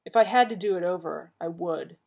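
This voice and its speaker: A woman's voice: on the low side, a little fast, vocal fry, darkish tone. A woman reading aloud, voicing a grim, tall warrior man who speaks in terse, brooding lines.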